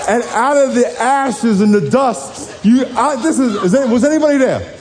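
A man in his forties, a little hoarse, telling a lively football story to a congregation, dropping low then shouting high. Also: measured pace, crowd noise. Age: 40s. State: hoarse from yelling. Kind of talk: animated storytelling sermon.

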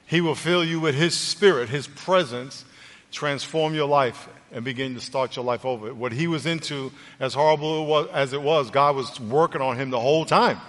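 A man's voice: medium pitch, moderate pace. A male pastor preaching a sermon and leading an altar call in an earnest, conversational way. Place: church auditorium. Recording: long church reverb, faint music.

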